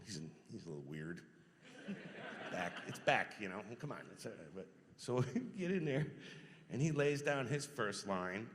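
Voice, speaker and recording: A middle-aged man, a voice actor, telling stories at a convention panel Q&A, animated and quick to laugh. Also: lowish voice. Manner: animated storyteller, acts out quotes, laughs often. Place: large convention hall. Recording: reverberant convention hall.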